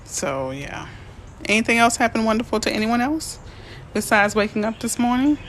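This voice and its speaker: A woman realtor chatting casually on a live stream, reading out viewer comments and answering them in a chatty, excitable way. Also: on the high side, moderate pace, a little hiss or hum. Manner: chatty, excitable, easily emotional. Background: birds chirping faintly.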